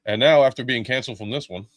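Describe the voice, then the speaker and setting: A man's voice: mid-range voice, brisk, background noise. A middle-aged man live-streaming a toy unboxing, chatting casually with jokes, swearing and lots of fillers.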